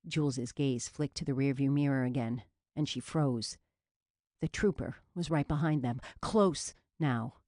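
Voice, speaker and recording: Female audiobook narrator, low register, dry close read, steady and measured. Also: no room sound.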